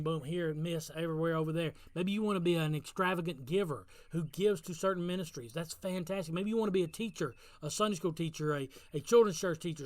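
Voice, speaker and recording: A male pastor with a twang delivers a devotional sermon in a notably high voice. He drives his points home through repetition, climbing to emphatic peaks. The sound is close and dry, with no room echo. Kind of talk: sermon-style devotional talk.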